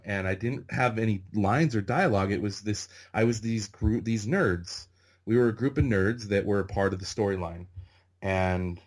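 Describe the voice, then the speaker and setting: A middle-aged man from Northern California, a podcast guest telling animated stories and saying "like" constantly. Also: low voice. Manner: animated anecdotes, heavy use of "like". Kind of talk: casual storytelling interview.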